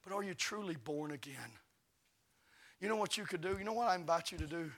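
A man preaching a sermon, telling stories fervently and rising to shouts. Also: fairly high pitch, lively intonation, brisk. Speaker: evangelist preacher.

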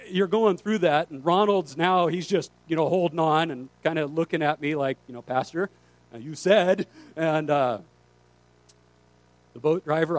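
A pastor tells a story within his sermon, animatedly acting out the voices of the people in it. His voice is on the high side.

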